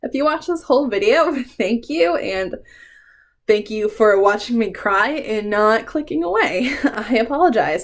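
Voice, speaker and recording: A woman's voice: medium pitch, lively intonation, normal speed. A woman doing a casual book tag vlog, chatty and emotional, swearing freely and laughing between remarks. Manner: emotional, fond rambling with frequent ums. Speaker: book vlogger.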